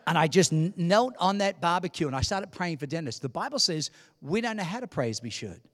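A man preaching a sermon, telling a personal story with emphatic delivery that swings from hushed to shouting. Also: fairly high pitch, animated, brisk. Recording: hall reverb.

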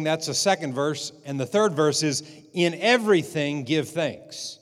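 A man's voice: a little high, very animated, moderate pace, hardly any pauses. A man preaching a sermon as pastor, repeating phrases and calling out for amens. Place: church sanctuary. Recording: long hall reverb.

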